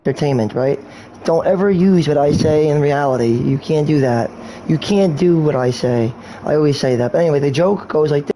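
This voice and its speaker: A man's voice: fairly high pitch, brisk, dark tone, a little hiss or hum, poor audio. A man streaming a game, talking in a rambling, crude way and telling meandering jokes. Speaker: gaming streamer. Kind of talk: rambling gameplay commentary.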